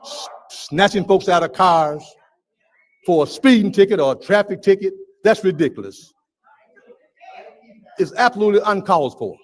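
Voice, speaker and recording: Guy speaking at a council meeting, kinda high voice, firm and outraged, stressing every point. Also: low-quality recording. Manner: emphatic and indignant. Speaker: resident speaking at public comment. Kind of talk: public comment speech. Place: city council chamber.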